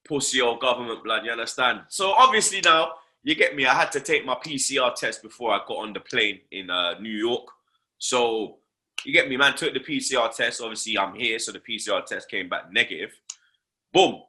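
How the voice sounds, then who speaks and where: A young man with a London accent hosting a casual chat, telling stories in a slangy, swearing, animated way and tagging lines with fillers. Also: mid-range voice, a little fast. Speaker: host.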